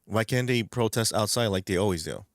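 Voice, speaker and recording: A man's voice: on the low side, fairly quick, no room sound, studio quality. Angry profane male streamer, New York accent. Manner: angry, profane, repeats words. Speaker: livestream host. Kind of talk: ranting livestream chat. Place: home streaming room.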